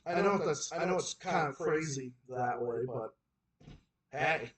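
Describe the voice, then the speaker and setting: A man's voice: fairly high pitch, measured pace. A man with a Boston accent hosting a livestream and ranting heatedly about politics, repeating himself and restarting sentences. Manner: heated, repetitive, emphatic ranting with many restarts. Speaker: livestream host. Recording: roomy echo, far from the mic.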